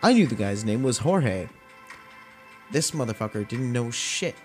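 Young man, mid-pitched, casual and foul-mouthed, tells stories with lots of energy. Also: unhurried, soft background music. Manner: profane, animated retelling with acted-out quotes. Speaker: podcast host. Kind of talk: casual storytelling rant.

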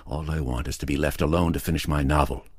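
A man's voice: rumbling low, fairly even intonation, quick pace, no echo, studio quality. A man doing a curt, scornful stubborn novelist. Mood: angry. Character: stubborn male novelist, irritable and defensive. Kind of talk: audiobook character reading.

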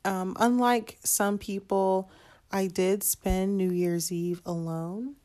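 A woman's voice: medium pitch, steady tone, slow pace, dark tone. A young adult woman hosting a solo podcast, chatting candidly and calling her listeners "y'all" and "honey". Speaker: podcast host. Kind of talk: casual solo podcast talk.

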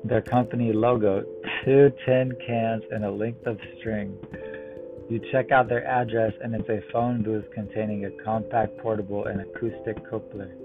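A man reading a run of one-liner jokes in a deadpan way. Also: fairly low pitch, moderate pace. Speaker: joke teller. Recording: tinny phone-like line with music behind. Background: music.

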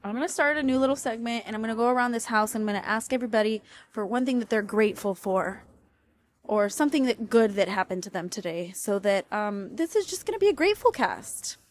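A woman's voice: a little high, animated, fast. A young woman hosting a casual podcast at home, rambling on with lots of fillers and restarts into a small clip-on mic. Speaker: podcast host. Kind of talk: casual solo podcast chat. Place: at home, washer running nearby. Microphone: small clip-on mini microphone.

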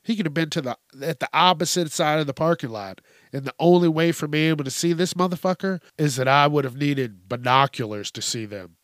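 A man's voice: a little high, expressive, fairly quick, fairly bright tone, dry recording, clean studio sound. A man hosting a podcast, telling a profane, exasperated comedic rant in casual talk. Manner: profane, ranting, exasperated storytelling. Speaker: podcast host.

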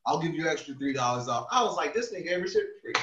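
A man telling a funny story in casual chat, laughing often and dropping low and quiet for the quoted lines. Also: very animated, very fast, noisy background. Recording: echoey room, far from a dull mic.

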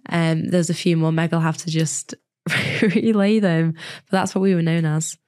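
A woman co-hosting a podcast in casual chat, with a husky, hoarse voice from being unwell, chatty and quick to laugh. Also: sits low, flat delivery, mellow. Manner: chatty, laughs often, rambling restarts. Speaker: podcast co-host.

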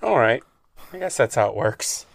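A man's voice: medium pitch, sing-song, normal speed, creaky, slight background noise. A man co-hosting a podcast, joking and sarcastic while commenting on an episode. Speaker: podcast co-host. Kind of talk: casual recap chat.

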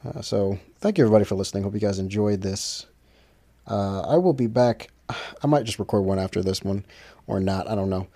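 Guy musician doing his own podcast, kinda low mellow voice, rambles and restarts a lot. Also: a little fast. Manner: rambling, with many restarts and fillers. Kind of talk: casual solo monologue.

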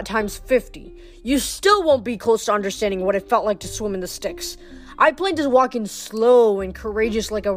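A woman reading a novel aloud in the first person, plainly and with small slips and restarts. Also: on the high side. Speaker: reader.

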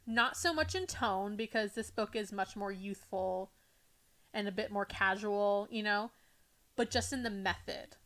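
A woman's voice: mid-range voice, measured pace, fairly bright tone. A woman co-hosting a casual podcast, laughing often and reading a book aloud with dramatic flair. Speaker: podcast co-host.

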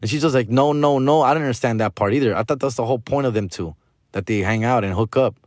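A man, a comedian hosting a podcast, rants casually about a movie in an animated, slangy, exasperated way, dropping bits of Spanish slang. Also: mid-range voice, quick pace, no echo, clean studio sound.

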